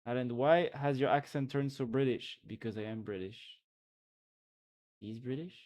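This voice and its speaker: A man's voice: mid-range voice, fairly even intonation, moderate pace, a little mellow. Young male streamer, casual live reaction chat, irreverent, talks to chat from a home desk mic. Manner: reads memes aloud and comments with laughs and swearing.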